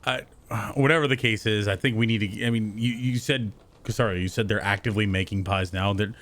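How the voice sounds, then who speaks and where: A man's voice: lowish voice, fairly even intonation, a little fast, a bit bright. A man playing a tabletop game in casual chat, hesitant and rambling as he plans. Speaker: player.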